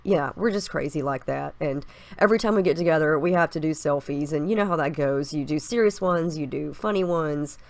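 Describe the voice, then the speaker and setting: With a deep voice and a brisk delivery, this scrapbooking crafter narrates her process video despite a stuffy cold. Her casual voice-over is chatty and upbeat as she walks through every step.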